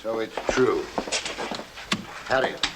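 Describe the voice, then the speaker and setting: An actor playing a crafty, genial middle-aged country rector who talks in a sly, wheedling way. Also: male voice, fairly low pitch, slow, heavy background noise.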